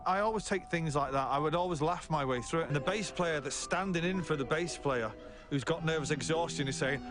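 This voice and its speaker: A man's voice: a little high, expressive, a little fast. A man telling blunt, sweary band stories in a documentary interview, laughing his way through them. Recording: voice under loud music.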